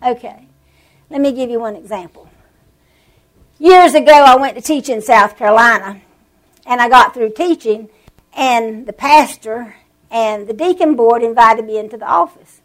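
Woman, preacher, sermon, animated storytelling, a little high-pitched. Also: normal speed, long pauses, rough recording. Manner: animated storytelling, draws out words for emphasis.

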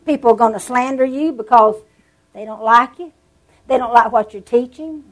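A woman preaching a sermon, telling stories with animated emphasis and drawn-out words. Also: a little high, poor audio.

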